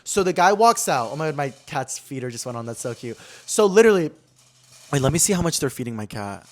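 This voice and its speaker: A man's voice: on the high side, big pitch swings, fast talker. A young man hosting his own podcast, telling a story in a casual, dramatic way full of "like" fillers. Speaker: podcast host.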